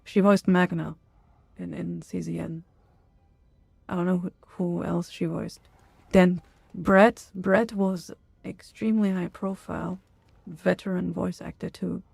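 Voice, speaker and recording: Gravelly, dark-voiced woman streamer. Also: level tone, unhurried, dry recording. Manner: low-key, wry, exasperated. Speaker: game streamer. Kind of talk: casual live-stream commentary.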